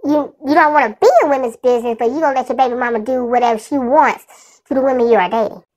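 A woman's voice: high voice, fairly even intonation, fast, darkish tone, low-quality recording. A woman giving blunt, plain-spoken casual commentary on a radio segment. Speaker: commentator reacting to a radio clip.

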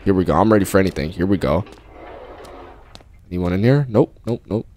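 A man's voice: low-pitched, fairly quick, slight background noise. Jumpy, slangy man streaming a horror game. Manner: jumpy, excitable, yelps when startled; casual slang, calls the game bro and dog. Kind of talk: live gameplay commentary. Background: game music.

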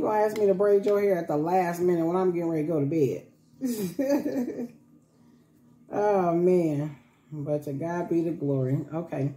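A woman's voice: lowish voice, sing-song, a little slow, warm tone. A woman vlogging at home in casual chat to camera, talking to her viewers while she cares for baby dolls. She repeats herself and laughs often. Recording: echoey room with faint background noise.

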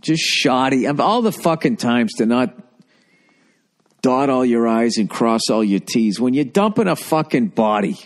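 A man's voice: mid-range voice, animated, measured pace. A man hosting a podcast who delivers a comedic monologue rant in a profane, rambling, sarcastic way. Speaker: podcast host.

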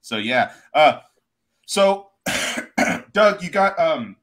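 A man's voice: a little high, very animated, extremely slow, fairly bright tone. A man hosting a casual live-streamed chat from home, telling stories in a rambling, profane way. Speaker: podcast host.

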